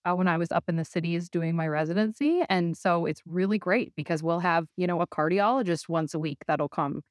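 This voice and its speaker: A woman's voice: fairly low pitch, a little fast, dry recording. A friendly woman doctor speaks with a light Minnesotan accent. She chats easily as a podcast guest. Her voice sits in a dry, close recording. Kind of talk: casual podcast interview.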